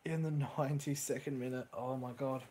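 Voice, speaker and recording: A young man hosts a live stream and reacts to a football match as it happens. He talks casually, swears and reads out viewers' chat messages. His voice sits in a middle pitch over a faint background hiss. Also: fairly even intonation, brisk, mellow.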